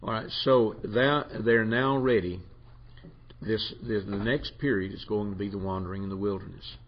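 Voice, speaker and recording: Halting man lecturing a class. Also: lowish voice, fairly even intonation, dull audio. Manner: halting, repeats words, asks the class questions. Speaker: Bible teacher.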